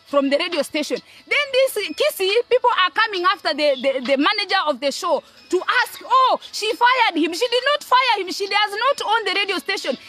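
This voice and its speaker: A Kenyan woman delivers a scolding rant straight to her audience in a very high, sharp, bright voice. She hammers her points with repeated words and asks "eh?" between them, and faint music plays behind her. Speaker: online commentator. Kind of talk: ranting monologue to camera.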